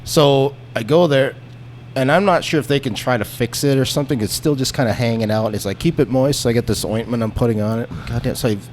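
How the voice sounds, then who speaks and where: A man telling a story in a casual podcast chat, animated and profane, acting out the people in it. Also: medium pitch, quick pace, slight background noise. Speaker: podcast guest.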